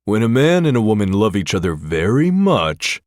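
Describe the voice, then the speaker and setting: A man's voice: fairly low pitch, big pitch swings, moderate pace, darkish tone, dry recording, clean studio sound, voice pushed up. An audiobook narrator, a man, voicing a lazy, teasing young woman who giggles as she talks.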